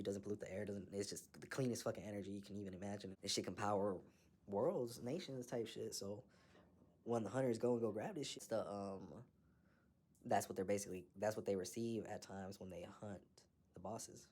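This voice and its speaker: A man's voice: on the low side, a little mellow. Profane, slangy man recapping an anime. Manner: slangy, profane, laughing, acts out characters. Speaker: anime reviewer. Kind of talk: casual recap with commentary.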